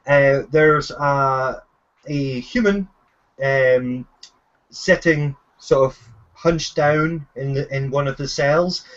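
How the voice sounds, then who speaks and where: A man's voice: mid-range voice, slow, lo-fi sound. A man running a tabletop game as game master, narrating hesitantly with many fillers and restarts.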